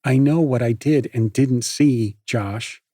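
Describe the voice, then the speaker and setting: A man voicing a stubborn, practical teenage girl in an audiobook, with a husky voice. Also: mid-range voice, slow, warm tone, no room sound, studio quality. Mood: defensive.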